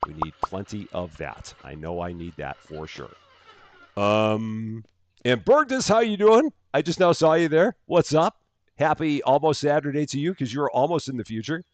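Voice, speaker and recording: A man's voice: mid-range voice, expressive, normal speed, no echo. A man hosting a live game stream, chatting casually and greeting viewers by name with upbeat lifts in his voice. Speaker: livestream gaming host.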